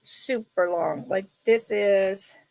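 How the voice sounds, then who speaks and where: A middle-aged woman chatting casually while selling jewelry on a live sale, telling stories in an animated way. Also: medium pitch, takes it slowly, gravelly, dry recording.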